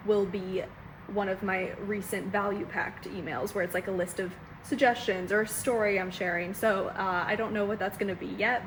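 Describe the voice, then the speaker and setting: A young woman vlogging casually from her home kitchen, talking into a handheld phone camera in quick, chatty bursts full of "oh my God". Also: medium pitch, noisy background. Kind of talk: casual vlog chat.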